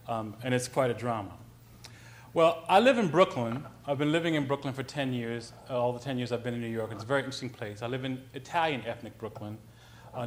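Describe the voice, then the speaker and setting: Male author, lecture storytelling, animated and conversational. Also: medium pitch. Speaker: author giving a talk.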